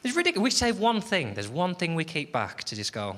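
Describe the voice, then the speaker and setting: A comedian in his late twenties, a little high-pitched and swooping all over the place as he spins wry, self-deprecating asides. It is a noisy live recording from a comedy stage. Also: huge pitch swings, fast, hardly any pauses, a bit bright. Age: late 20s. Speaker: stand-up comedian. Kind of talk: stand-up comedy set. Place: comedy venue stage before a live audience.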